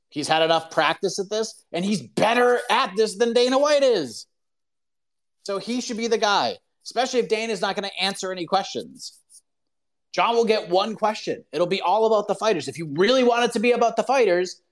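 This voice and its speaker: A man hosting a live call-in show, ranting in an animated, opinionated way full of "like" fillers. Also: high-pitched, moderate pace. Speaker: podcast host.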